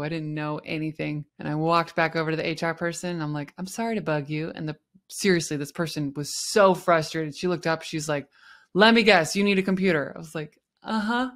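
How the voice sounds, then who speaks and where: A young adult woman hosting a podcast, telling a personal work story and acting out the quoted dialogue with shifting tones. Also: on the low side. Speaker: podcast host.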